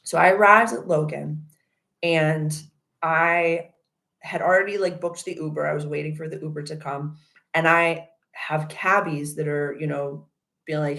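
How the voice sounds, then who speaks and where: A young woman with a Boston accent hosting a casual astrology chat, rambling and animated as she tells stories and answers viewers. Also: sits low, moderate pace. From Massachusetts. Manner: rambling, animated storytelling with loud acted outbursts. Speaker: livestream host reading chat.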